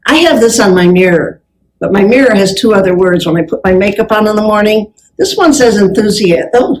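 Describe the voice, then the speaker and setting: An older woman speaking on stage, telling lively stories that act out the dialogue. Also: mid-range voice, moderate pace, rough recording. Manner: animated storyteller acting out dialogue. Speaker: keynote speaker on customer service. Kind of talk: live speech with anecdotes. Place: event stage with audience.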